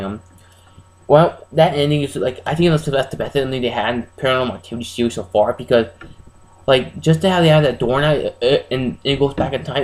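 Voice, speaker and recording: A man giving a casual, rambling, spoiler-heavy recap of a horror film as a reviewer, excitable and full of restarts. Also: medium pitch, poor audio.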